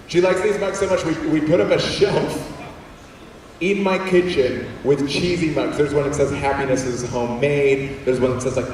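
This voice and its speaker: A young adult man telling funny stories as a guest speaker in a large school auditorium, animated and acting out quotes in voices. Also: fairly high pitch, normal speed, a little hiss or hum. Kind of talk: comedic storytelling talk. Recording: echoey hall, distant mic.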